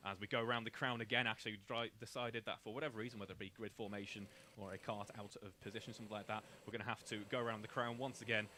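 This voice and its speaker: A man's voice: lowish voice, rapid-fire, hardly any pauses, a little hiss or hum. A man giving live commentary on a kart race from a commentary box, steadily reading out the grid order. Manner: steady, reads out grid orders in long lists. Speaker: karting commentator.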